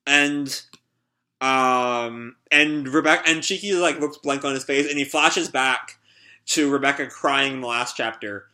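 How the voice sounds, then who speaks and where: A man's voice: medium pitch, a little slow, pushed and bright. A man reading a manga chapter aloud and reacting live, chatty, with frequent fillers and laughs. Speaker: online video creator reacting to a manga.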